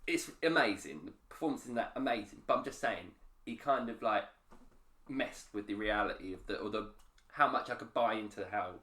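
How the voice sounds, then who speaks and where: A man's voice: on the low side, animated, normal speed, fairly bright tone. A man co-hosting a casual film podcast, rambling and interrupting himself, swearing casually. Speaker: podcast co-host. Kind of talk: casual chat. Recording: roomy echo.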